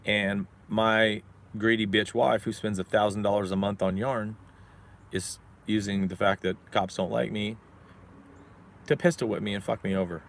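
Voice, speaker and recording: A man's voice: on the low side, fairly even intonation, normal speed, vocal fry. A middle-aged man telling his own story in a profane, combative, rambling monologue.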